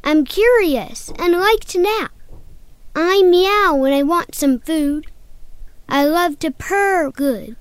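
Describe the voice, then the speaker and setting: A woman with a very high, bright voice reads simple rhymes for small children in a slow, playful sing-song. The recording is close and dry, with no room sound at all. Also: dry recording. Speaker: children's presenter.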